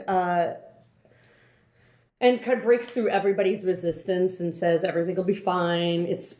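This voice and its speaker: A woman's voice: medium pitch, darkish tone. A woman podcast host recapping a film in casual chat, rambling with many fillers and restarts. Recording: roomy, echoey room.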